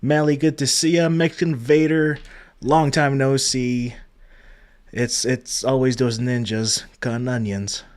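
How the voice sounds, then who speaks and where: A man hosting a livestream, chatting casually and greeting viewers by name. He talks in a gentle, heartfelt way, trailing off with ums and uhs, at a middling pitch for a man. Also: steady tone, measured pace, smooth. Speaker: livestream host. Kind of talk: casual memorial livestream chat.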